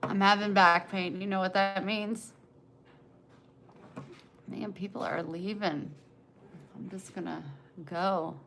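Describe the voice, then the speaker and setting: A woman's voice: medium pitch, fairly even intonation, slow, creaky, pauses often, a bit bright, a little hiss or hum. A woman in her forties chatting casually on a livestream, greeting viewers and reading their comments aloud. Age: 40s. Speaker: livestream host.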